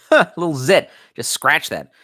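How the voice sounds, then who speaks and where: A young man, a bit tipsy from wine, rambles on a live stream, reading comments aloud and swearing a lot. His fairly high, sharp voice is very animated but slow, recorded dry and clean in a studio.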